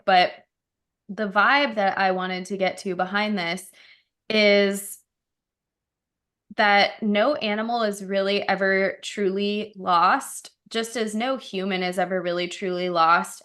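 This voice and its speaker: A woman's voice: mid-range voice, fairly bright tone. A woman co-hosting a casual podcast chat, telling stories in a chatty way with lots of "like" fillers. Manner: chatty storytelling with frequent "like" fillers. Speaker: podcast co-host.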